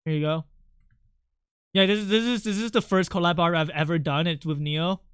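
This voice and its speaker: A young man streaming while he draws, chatting casually and excitably, laughing often and swearing now and then. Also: fairly high pitch, fairly quick, clear, resonant tone, no echo, clean studio sound. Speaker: art streamer. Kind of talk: casual live-stream chat.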